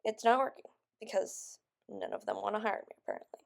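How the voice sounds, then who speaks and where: In a rambling vlog, a young woman vents with a medium-pitched, steady, slightly creaky voice, talking a little fast. She sounds frustrated, stressed, close to tears, and like she has just woken up.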